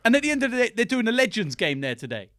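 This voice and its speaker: A man trading casual football banter on a podcast, jokey and animated. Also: extremely high pitch, very fast, no echo, studio quality. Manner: animated, jokey trash talk with laughs. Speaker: podcast guest and fan pundit.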